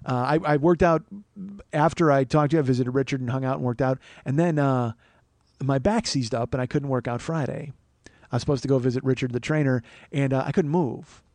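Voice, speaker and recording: A man's voice: mid-range voice, fairly quick, darkish tone, dry recording. A man hosting a comedy podcast, telling rambling, profane, self-mocking stories in casual chat. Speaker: podcast host.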